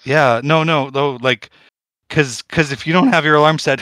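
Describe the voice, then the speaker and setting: A man's voice: a little high, normal speed, a bit bright, no room sound. A man performing a mock stand-up routine on a podcast, delivering corny punchlines after rambling setups.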